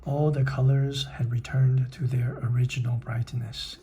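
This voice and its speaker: A man reading a children's book aloud, pausing to explain and translate it, in a husky, careful manner. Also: medium pitch, level tone, dark tone, a little hiss or hum. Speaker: reader.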